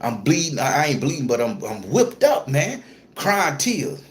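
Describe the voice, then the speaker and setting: A man with a fairly high voice tells a story straight to his audience. He is blunt and profane, and he repeats himself to drive each point home. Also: big pitch swings, normal speed. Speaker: spiritual content creator. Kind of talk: casual storytelling to camera.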